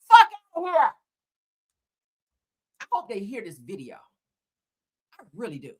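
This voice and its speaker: A woman's voice: on the high side, wildly swooping pitch, unhurried, breathy edge. A woman hosting her own channel, giving a blunt, profane and heated rant about a reality TV show, full of sarcasm and repeated lines. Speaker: host. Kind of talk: ranting reality TV commentary.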